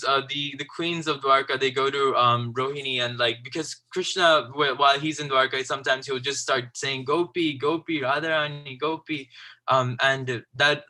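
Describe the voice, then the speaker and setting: Bright-voiced man telling a story. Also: mid-range voice. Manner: halting, full of "like" and "you know" fillers; quotes the story's figures in their own words. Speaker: speaker at a temple class. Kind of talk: casual retelling of a devotional story.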